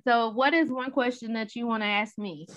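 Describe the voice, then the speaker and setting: A woman in her thirties in casual conversation, an animated storyteller who acts out the voices in her stories. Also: on the high side, normal speed, no echo. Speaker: guest sharing her story. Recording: dull, dry sound.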